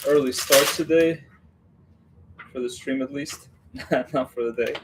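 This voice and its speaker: A chatty man hosting a casual live stream, rambling between thoughts and laughing at himself as he goes. His voice sits at an ordinary middle pitch, with a faint hiss of background noise under it. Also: unhurried. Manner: greets viewers by name. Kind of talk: casual live-stream chat while building.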